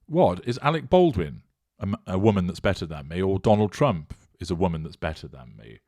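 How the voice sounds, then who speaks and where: Low-ish british guy reading out comments and mocking them, swoopy voice, dry close sound. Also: animated, darkish tone, dry recording. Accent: British English. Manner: sardonic, mocking, deliberate and measured. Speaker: channel host reading viewer comments.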